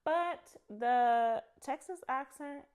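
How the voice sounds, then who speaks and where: A woman's voice: high-pitched, slow pace, a little mellow, clear, resonant tone. A woman co-hosting a casual comedy chat, asking questions and teasing her partner. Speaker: podcast co-host.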